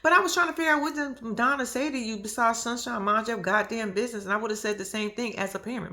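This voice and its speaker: A woman's voice: on the high side, quick pace, few pauses. A young woman vlogger giving casual, profane commentary on a reality show, laughing often and acting out what people said. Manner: animated, profane, laughs often, acts out quotes. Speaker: reaction vlogger.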